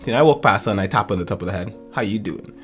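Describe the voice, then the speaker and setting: Young male podcast host, lowish voice, rambling storyteller, faint music under. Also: rapid-fire. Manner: rambling, animated storytelling with laughs. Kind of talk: casual chat.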